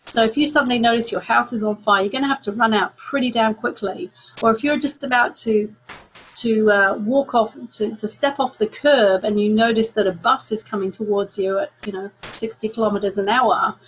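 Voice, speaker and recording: Middle-aged woman, stress coach, calm even delivery, a touch husky. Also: on the high side, a little fast, rough recording. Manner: calm, repeats words for emphasis. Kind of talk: talk to camera.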